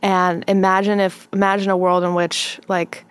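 A woman guest on a comedy podcast, chatting candidly and telling animated stories with quoted voices. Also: medium pitch, normal speed, clear, resonant tone. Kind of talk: casual chat.

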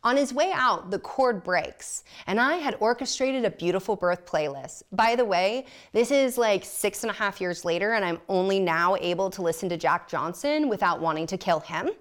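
A woman's voice: mid-range voice, expressive, moderate pace, hardly any pauses. A woman guest on a podcast telling a personal story candidly, blunt and self-mocking, often laughing.

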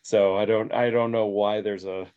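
A man's voice: on the low side, flat delivery, normal speed, clear, resonant tone, muffled recording. A man as guest expert, explaining at length with many fillers. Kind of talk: casual discussion.

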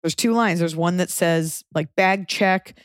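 A woman hosting a podcast, chatting casually with frank, profane, animated storytelling. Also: lowish voice, unhurried, clean tone, dry recording, studio quality. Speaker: podcast host.

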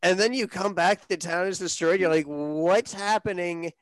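Male co-host, eager film talk, slightly higher voice, dry close sound. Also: steady tone, fairly quick, a bit bright, dry recording. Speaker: podcast co-host. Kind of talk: casual movie discussion.

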